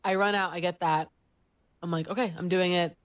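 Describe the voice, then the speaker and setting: A woman in her thirties co-hosting a podcast, telling a story in a lively way and acting out the voices of people she quotes. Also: fairly quick, dry recording, clean studio sound. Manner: animated storyteller, acts out voices and jumps up high for quoted lines. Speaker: podcast co-host. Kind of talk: casual chat, telling a story.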